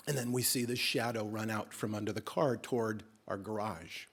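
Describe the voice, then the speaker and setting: A man telling a true first-person story live on stage at a story slam, animated and slipping in deadpan comic exaggeration. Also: mid-range voice, normal speed, few pauses, slightly rough.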